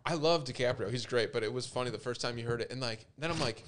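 A man talking as a podcast guest, telling a story in a relaxed way with casual slang. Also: medium pitch, quick pace, a little hiss or hum.

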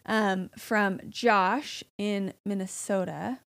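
Chatty mom co-hosting a podcast. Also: female voice, medium pitch, steady tone, takes it slowly, creaky, a bit bright. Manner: chatty, filler-heavy, laughs often. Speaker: podcast co-host. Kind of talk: casual chat.

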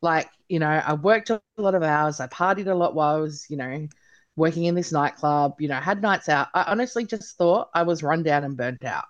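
A woman in her thirties from Australia, telling her story as an interview guest, chatty and animated, with many "like"s and "you know"s. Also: low-pitched, fairly quick, lo-fi sound.

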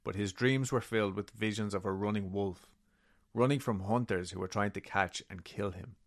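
Low-voiced man telling a story casually. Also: fairly even intonation, moderate pace. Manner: reads book quotes aloud, swears, laughs at own asides. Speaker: podcast co-host.

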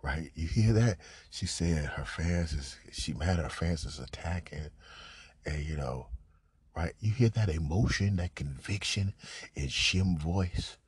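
A man giving casual, profane commentary on a recorded phone call, mocking, repetitive and animated, often laughing and coughing. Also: deep voice, slightly rough, no room sound, clean studio sound. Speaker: commentator reacting to a leaked call.

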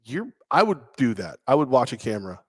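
A man's voice: medium pitch, big pitch swings, brisk, husky, dry recording. A man co-hosting a sports talk show in a studio, chatting casually with jokes and rambling asides on a headset mic. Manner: jokey, rambling, bursts into loud mocking impressions.

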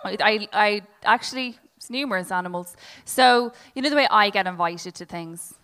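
A woman's voice: medium pitch, moderate pace, a bit bright, clear, resonant tone. A woman and mother co-hosting a podcast, teasing her co-host with mock-serious asides. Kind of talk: casual banter.

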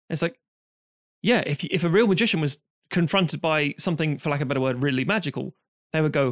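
A man's voice: fairly high pitch, fast, a bit bright, dry recording, clean studio sound. A man co-hosting a film podcast in casual chat, acting out quoted people and laughing often. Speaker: podcast co-host.

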